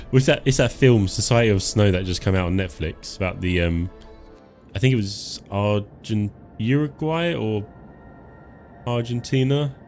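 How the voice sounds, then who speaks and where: Male streamer, lowish voice, loose and jokey, quiet game music underneath. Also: unhurried. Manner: joking, chuckles often, self-talk while playing. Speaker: live-stream gamer. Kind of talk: casual live game commentary.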